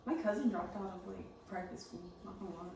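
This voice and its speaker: A woman guest on a podcast who speaks quietly and offhandedly, recorded on a phone from across the room. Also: medium pitch, quick pace, creaky, a little hiss or hum. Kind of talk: casual group chat. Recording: echoey room, phone mic from far off, chatter behind.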